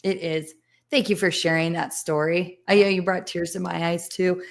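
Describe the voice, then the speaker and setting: Woman, podcast host, reflective, emotional, somewhat low voice. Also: normal speed, creaky. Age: adult with children. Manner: reflective, emotional, animated in bursts. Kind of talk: casual podcast chat.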